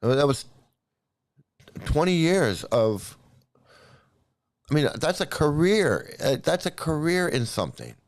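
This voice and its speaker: Middle-aged man, a bit high-pitched, delivering a profane, repetitive commentary rant to camera, dry sound. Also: very animated, slow pace, pauses often, no room sound. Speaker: YouTube commentator. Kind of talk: angry ranting commentary.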